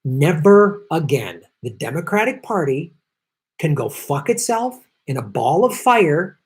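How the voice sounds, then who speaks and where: A man's voice: a little high, big pitch swings, a little slow. A middle-aged man hosting a political commentary show, ranting angrily and emphatically, with frequent profanity and repeated lines. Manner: angry, profane, emphatic and repetitive.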